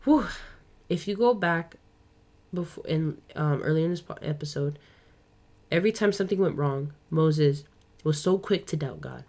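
A young woman hosting a podcast, talking through a Bible story in a casual, chatty way with quick asides. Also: low-pitched, expressive, a little mellow. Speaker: podcast host.

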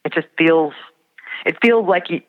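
A man from the Fargo area, a songwriter guest, talking reflectively with many pauses and fillers. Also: on the high side. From Fargo area, Minnesota. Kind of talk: casual interview. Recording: tinny phone line with long reverb.

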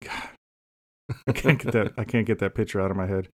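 Man podcast co-host, low-pitched, deadpan comic rambler. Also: fairly quick. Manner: deadpan joking, rambling asides. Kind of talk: casual comedic chat.

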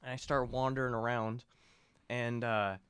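A man's voice: mid-range voice, little pitch movement, moderate pace, a bit bright, smooth, no room sound. A young man in casual podcast chat, rambling through a long story with lots of cursing and filler words. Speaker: podcast co-host.

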